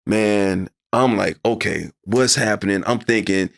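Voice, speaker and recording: A middle-aged man with a low, gravelly voice tells a story from his career as an interview guest. He acts out each exchange, and his voice shoots up when he replays his disbelief. His delivery is conversational and lively. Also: unhurried, dry recording. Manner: acts out his own past dialogue, voice climbing high when upset. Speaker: interview guest, sports broadcaster.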